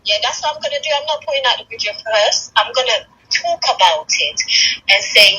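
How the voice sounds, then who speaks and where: A woman's voice: on the high side, lively intonation, a little fast, sharp tone, breathy edge, rough recording. A woman chatting casually in a voice note, laying out a plan. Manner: scheming, chatty.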